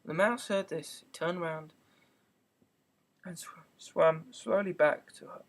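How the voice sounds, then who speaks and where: A man's voice: on the high side, takes it slowly. A man narrating an amateur audiobook reading, telling the story steadily with small stumbles.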